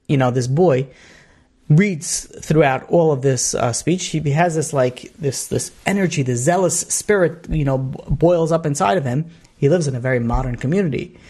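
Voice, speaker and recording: A man's voice: a little high, animated, moderate pace, darkish tone. A man, a rabbi, telling a story in a sermon, rambling with many asides and restarts.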